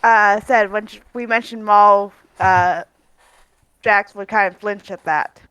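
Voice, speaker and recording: Bright, tired-sounding woman player. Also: mid-range voice, steady tone, smooth, no echo, muffled recording. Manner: halting, self-correcting. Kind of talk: casual tabletop chat.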